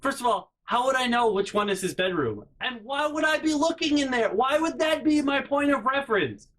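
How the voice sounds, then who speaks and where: A man with a very high, fairly bright voice tells a casual story as a vlog host, speaking at normal speed with lively intonation. He sounds sick and a little out of breath, ranting in exasperation and disbelief with repeated no's.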